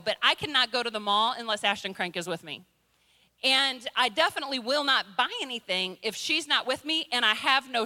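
A woman's voice: fairly high pitch, pushed and bright. A middle-aged woman preacher giving a sermon in a humorous, conversational way, full of playful impressions. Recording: long reverb in a large hall.

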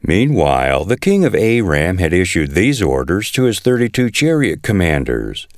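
A man reading scripture aloud in a measured, expressive way. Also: deep voice, dry recording, clean studio sound. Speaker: scripture reader.

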